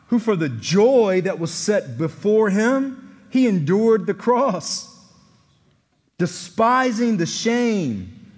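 A man preaching a sermon as pastor, earnest and emphatic, with quiet reflective passages, ending in prayer. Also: high-pitched. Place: church sanctuary. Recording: long church hall reverb.

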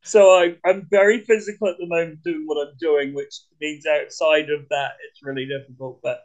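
A man with a British accent, talking as a podcast guest in an energetic, blunt way, swearing casually. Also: fairly high pitch, normal speed, muffled recording. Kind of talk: casual conversation.

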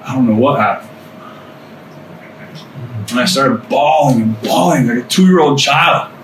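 A man's voice: mid-range voice, unhurried. A man giving his testimony to a small group in a casual, earnest way, often adding "man" and repeating phrases for emphasis. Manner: casual and conversational, peppered with "man" and "dude". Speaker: guest speaker sharing his testimony. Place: indoor room with a small group of listeners. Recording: echoey room, voice picked up from a distance, faint background hum.

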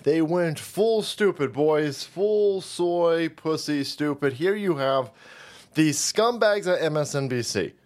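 A foul-mouthed man hosts his own commentary show and rants in a mocking, profane tone. His voice sits a little high for a man and swings widely in pitch, bouncing up and down as he scoffs. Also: expressive, takes it slowly, darkish tone. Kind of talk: profane political rant.

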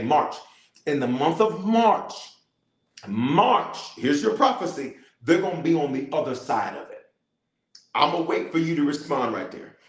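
A man leads prayer and teaching for an online congregation, repeating his lines and waiting on viewers to answer. His pitch rises and falls with plenty of life and sits a touch high for a man. The sound carries a noticeable room echo. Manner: animated preacher, repeats phrases, calls for responses. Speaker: bishop leading online prayer. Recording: roomy echo.

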